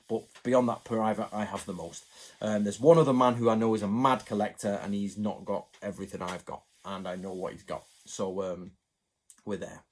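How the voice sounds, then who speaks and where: A man from England chatting to his viewers in a rambling, animated way, going off on asides. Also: on the low side. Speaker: channel host. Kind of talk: casual chat to camera.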